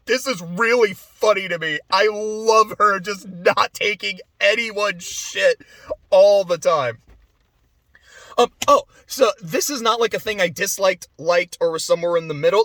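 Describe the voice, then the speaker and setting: A man's voice: high-pitched, fairly bright tone, no room sound. A man giving a casual, rambling movie review, chatty with many fillers and frequent laughs.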